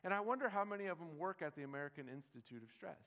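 A man's voice: on the high side, animated, racing, fairly bright tone. A man giving a sermon as pastor, in a conversational, easygoing way with restarts and joking asides. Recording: long hall reverb.

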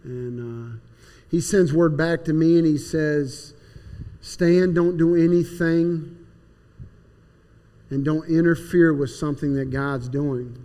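A man's voice: on the high side, steady tone, takes it slowly, long pauses, warm tone. A man plainly and earnestly telling his personal testimony. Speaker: speaker giving personal testimony. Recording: long hall reverb.

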